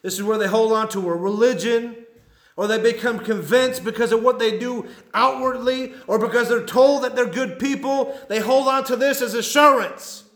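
A fiery pastor preaching to his church, his voice pitched high for a man and ringing through a roomy, echoing hall. He pleads and warns in a folksy drawl. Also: moderate pace, a bit bright. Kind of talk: sermon.

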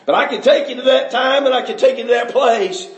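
A middle-aged man preaching a fervent testimony sermon, building from quiet recollection into shouting. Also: very high-pitched, fairly quick, muffled recording. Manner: fervent, rising to shouts, Southern preaching cadence.

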